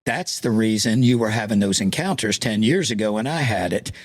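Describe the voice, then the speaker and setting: A man's voice: on the low side, fairly quick. A man in his sixties, a pastor, talking earnestly with a passionate, preacher-like emphasis. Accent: Eastern Shore American. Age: 60s. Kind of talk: conversational interview, preaching tone.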